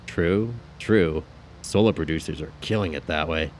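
A man's voice: very deep voice, moderate pace, a little hiss or hum. A man narrating a first-person story in a casual, wry storytelling manner.

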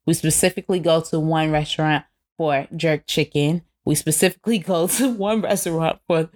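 A woman's voice: sits low, moderate pace, a little mellow. A woman chatting casually, telling a story and addressing viewers directly. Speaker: co-host. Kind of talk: casual chat.

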